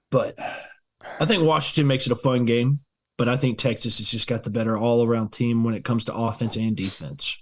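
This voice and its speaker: A man co-hosting a casual sports podcast, with a voice of middling pitch. He talks brashly and confidently and ribs his co-host as he makes bold predictions. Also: steady tone, moderate pace, husky.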